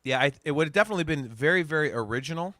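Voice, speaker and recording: Very fast and lively in intonation, a man with a slightly high, sharp-toned voice co-hosts a podcast, rambling, restarting sentences and cursing freely in casual chat. The recording is dry and clean studio sound.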